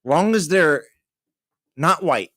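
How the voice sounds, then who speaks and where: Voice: mid-range voice, expressive, slow pace, a bit bright, dry recording, clean studio sound. A co-host bantering wryly in a political talk show, mostly short interjections.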